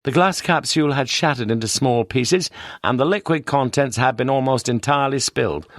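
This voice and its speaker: A man with a British accent reading a detective story as an audiobook narrator in a steady storytelling manner. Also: medium pitch, a little fast, dry recording, studio quality. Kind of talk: scripted narration.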